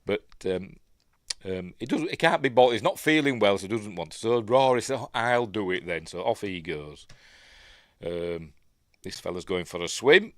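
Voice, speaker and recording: A man's voice: lowish voice, lively intonation, moderate pace, a bit bright, dry recording, studio quality. A man with a Yorkshire accent talks through a film in a casual, rambling way, full of ums and asides. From Yorkshire, England. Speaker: film reviewer.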